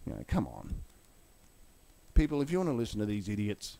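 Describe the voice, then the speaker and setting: Ranting swearing man with animated pitch. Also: brisk. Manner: heated, swearing, blunt. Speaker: crypto market vlogger. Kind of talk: angry rant and chart commentary.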